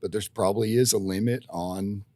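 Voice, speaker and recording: Low-voiced rambling man. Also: steady tone, normal speed, mellow, no room sound. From Tennessee, USA. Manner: rambling, many restarts and fillers, folksy storytelling. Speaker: physical therapist guest. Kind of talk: casual podcast conversation. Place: podcast studio.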